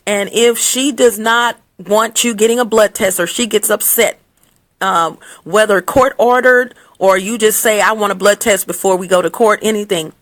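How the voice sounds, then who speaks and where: A woman records a casual rant on her phone and speaks plainly to her viewers. Her voice sits in a middle pitch, and her manner is blunt and scolding, with quick laughs and false starts along the way. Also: a bit bright. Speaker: vlogger giving advice. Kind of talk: casual unscripted rant to camera.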